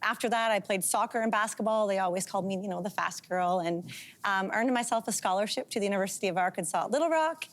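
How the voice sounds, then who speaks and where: A woman's voice: medium pitch, quick pace. A woman in her forties from Canada, a guest on a talk show, talking candidly with frequent fillers. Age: 40s. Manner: candid, chatty, with frequent um fillers and light laughs. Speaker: guest, pro distance runner.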